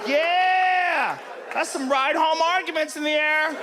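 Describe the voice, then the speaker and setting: A man's voice: very high-pitched, slow pace. A man doing a stand-up set, teasing the crowd and acting out an argument. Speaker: stand-up comedian. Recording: live crowd and noise.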